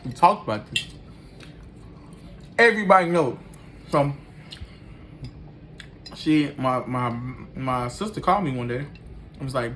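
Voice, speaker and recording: A man's voice: medium pitch, expressive, a little slow, long pauses, a bit bright, slight background noise. A man animatedly telling a personal story in loose, slangy talk, acting out every line of the dialogue himself.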